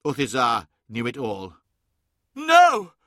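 A man reads a dark fantasy audiobook with dramatic intensity, his voice swelling on moments of fire and falling hushed on sorrow. The tone is bright and forceful, recorded close and dry with no room sound. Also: mid-range voice, normal speed, no echo. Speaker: audiobook narrator. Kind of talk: scripted dramatic narration.

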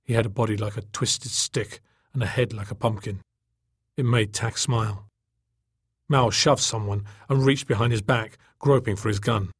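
Husky male audiobook narrator. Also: on the low side, steady tone, normal speed, no room sound, studio quality. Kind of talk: scripted narration.

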